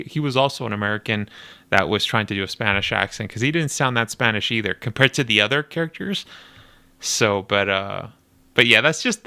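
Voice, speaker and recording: A young man casually commenting on a game trailer, animated and nitpicky, laughing often as he talks. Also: mid-range voice, smooth. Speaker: video reactor.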